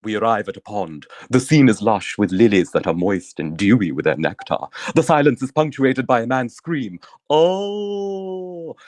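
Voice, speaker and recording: Man doing a pompous romance author, theatrical, ornate, lively swooping pitch, dry close sound. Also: unhurried, hardly any pauses, dry recording, natural voice. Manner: grandiose, theatrical, ornate wording. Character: pompous flamboyant male romance novelist.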